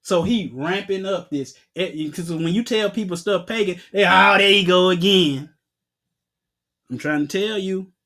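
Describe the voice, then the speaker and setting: A man preaching a Bible-teaching sermon with emphasis. He asks rhetorical questions and answers them himself, and he bursts out loudly when reading scripture. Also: high voice, measured pace.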